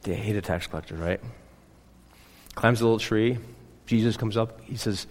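A man's voice: lowish voice, moderate pace, pauses often, big-room sound. A man preaching a conversational sermon as a pastor, often checking in with the congregation. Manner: chatty, keeps checking in with the congregation. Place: church.

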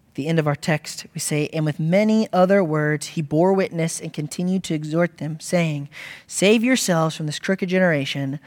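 High-voiced preacher in a reverberant hall. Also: male voice, moderate pace. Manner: builds from quiet to loud exhortation. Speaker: pastor. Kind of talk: sermon.

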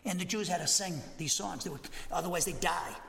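A man's voice: high voice, a little fast, vocal fry, sharp tone. A man with a Southern American accent teaching an expository Bible lesson in a church, emphatic and often repeating and restarting his phrases. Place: church sanctuary. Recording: echoey hall with long reverb.

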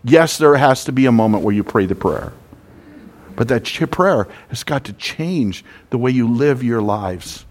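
A man delivers a sermon at an unhurried, measured pace, leaning on each phrase. He tells stories and slips into the voices of the people in them, sounding like a preacher talking to his congregation. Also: mid-range voice, lively intonation. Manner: preaching with scripture readings and sung verses. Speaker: pastor.

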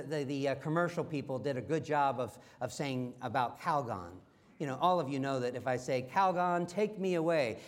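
A middle-aged man preaching a sermon as pastor, swinging from loud emphatic lines to soft, slow, hushed ones. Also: on the high side.

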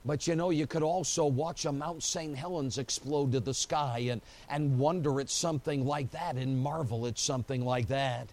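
A man's voice: medium pitch, fairly even intonation, normal speed, hardly any pauses, darkish tone. A man preaching a sermon as pastor at an evening church service, telling the story with animation and acting out quotes, with many "you know" fillers.

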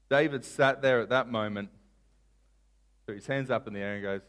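Preaching a sermon, this male pastor recasts a Bible story in everyday modern terms, voicing each character with dramatic jumps in loudness. His voice is on the low side, and he talks fairly quickly with frequent pauses.

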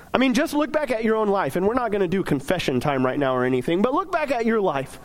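High-voiced animated young preacher. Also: male voice. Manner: conversational, animated, acts out prayers in first person; many fillers like "I mean" and "like". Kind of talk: sermon.

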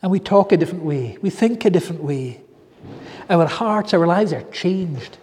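Male preacher, high mellow voice, fervent pleading sermon delivery, echoey hall sound. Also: lively intonation. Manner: fervent, drawn-out pleading exclamations. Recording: echoey hall with long reverb.

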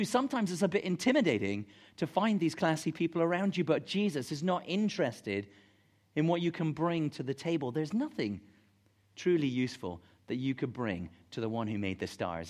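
A man preaching a sermon to a congregation, talking conversationally and emphatically and putting questions to the room. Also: a little high. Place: church gathering room.

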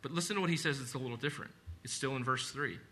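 Bright-voiced man preaching earnestly. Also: mid-range voice, racing. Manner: earnest, conversational preaching with repetition and asides. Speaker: pastor. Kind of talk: sermon.

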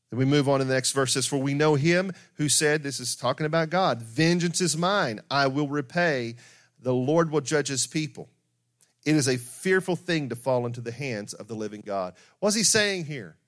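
A man preaching a sermon, earnest and emphatic, reading scripture and acting out the excuses of sinners. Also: on the high side.

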